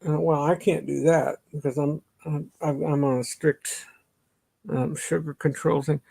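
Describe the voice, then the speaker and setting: Gravelly man chatting on a livestream. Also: on the high side, level tone, a little slow, warm tone. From northern suburbs of Chicago. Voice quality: gravelly, husky. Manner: chatty, laughs often, greets viewers by name. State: stuffy from allergies. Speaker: livestream host. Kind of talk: casual live-stream chat reading comments.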